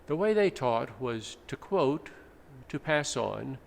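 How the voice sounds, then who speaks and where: In an echoey sanctuary with a little background noise, a pastor preaches in a very animated yet slow way. His medium-pitched voice is creaky, and he teaches through explanation punctuated by dramatic readings.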